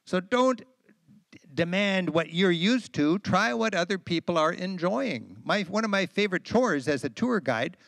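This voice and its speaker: Older American man, enthusiastic travel storyteller, gravelly, dry close sound. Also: sits high, unhurried, dry recording. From United States. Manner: enthusiastic, animated storyteller with frequent fillers. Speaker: travel writer and guest speaker. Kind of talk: storytelling talk to an audience. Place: lecture event.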